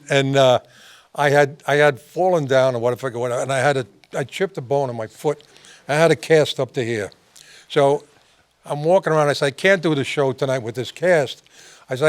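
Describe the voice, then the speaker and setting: A man's voice: medium pitch, brisk, smooth. A man hosting a talk show, telling rambling anecdotes with frequent restarts and laughing through his stories. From New York. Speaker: host.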